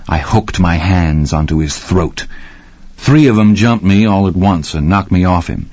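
A man's voice: sits low, measured pace, a little mellow, no echo. A man narrating a gritty first-person story with dramatic storytelling. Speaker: audiobook narrator. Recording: slightly muffled dry audio.

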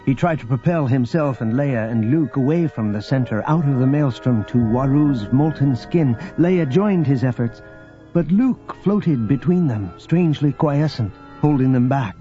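A man narrating an audiobook in a steady, expressive storytelling manner. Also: mid-range voice, moderate pace. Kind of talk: scripted narration. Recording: dull lo-fi audio with music.

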